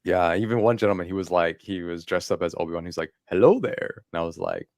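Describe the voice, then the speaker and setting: A man's voice: sits low, fairly even intonation, fast talker, dry recording, studio quality. A man co-hosting a casual podcast chat, telling stories animatedly and acting out quoted lines with frequent laughs. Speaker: podcast co-host.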